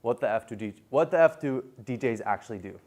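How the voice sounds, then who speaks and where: A man's voice: medium pitch, animated, quick pace, a little mellow. A man giving a casual classroom lecture on viral video, chatty, with many fillers and restarts.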